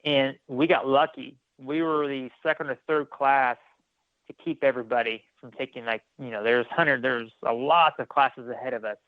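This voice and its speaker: A man's voice: medium pitch, steady tone, moderate pace, no room sound. A man, a former military firefighter, telling his story as a podcast guest, acting out dialogue with many restarts. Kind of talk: casual storytelling interview. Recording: tinny phone-like line.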